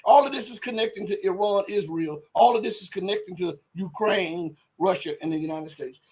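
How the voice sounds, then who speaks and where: A livestream host delivers casual political commentary in a rambling, emphatic way, erupting into loud outbursts and muttering as he searches online. His voice is high-pitched and fairly quick, and the recording is rough.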